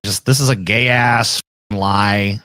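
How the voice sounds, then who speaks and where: A man's voice: lowish voice, steady tone, takes it slowly, pushed and bright, no room sound, studio quality. A man in mocking podcast banter, sarcastic, dismissive and profane.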